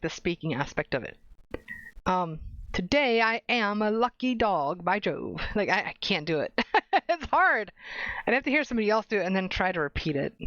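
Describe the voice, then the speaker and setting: A woman's voice: medium pitch, fairly bright tone, dry recording. A young adult woman streamer chatting casually and reading game papers aloud, stumbling and correcting herself as she goes. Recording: dull, dry lo-fi stream audio.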